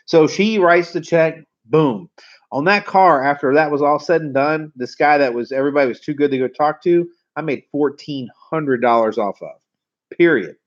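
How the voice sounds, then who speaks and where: A man, telling car sales stories in a casual, animated, slangy way. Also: on the high side, normal speed. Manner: animated, slangy, acts out quoted voices. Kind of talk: casual storytelling. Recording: slightly dull lo-fi audio.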